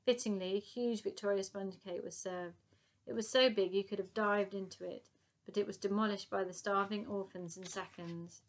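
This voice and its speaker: A woman narrating a children's audiobook in a lively, expressive reading. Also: medium pitch, moderate pace.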